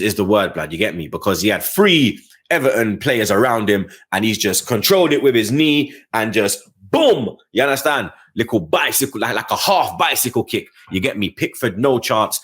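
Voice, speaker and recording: A lower-voiced man runs through the weekend's football in a loose, slangy match review. He talks straight to the listener, keeps checking that they follow him, and his pitch climbs sharply when something matters to him. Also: fairly bright tone. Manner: slangy, keeps adding "blood, you get me"; passionate, rising pitch on key points. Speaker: football fan channel host.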